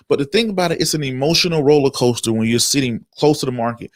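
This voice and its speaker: A man hosting a casual livestream about the stock market, greeting viewers by name and talking through market moves in a relaxed, chatty way. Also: a little high, racing, hardly any pauses, no echo, clean studio sound. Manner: chatty, reads viewer comments aloud and greets them. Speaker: host of a stock market show.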